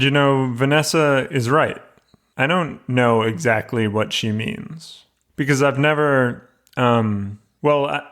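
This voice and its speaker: A man's voice: medium pitch, fairly bright tone. A man hosting a podcast, talking in a casual, self-deprecating and slightly shy way. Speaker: podcast host. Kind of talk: casual podcast narration and interview.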